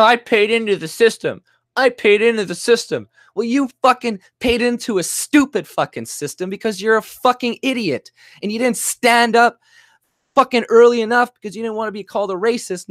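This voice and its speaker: A man's voice: sits high, fairly bright tone, no echo, clean studio sound. A man from Canada ranting angrily about politics on his own channel, swearing constantly and mocking the people he argues with. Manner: heated, profane, swearing constantly; mocks others in put-on voices. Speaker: YouTuber. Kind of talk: angry political rant.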